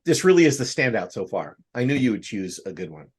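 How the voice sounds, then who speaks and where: A man's voice: fairly low pitch, sing-song, a little fast, darkish tone, husky. A man hosting a casual podcast, a playful improviser who gushes and jokes. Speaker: host. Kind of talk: casual chat.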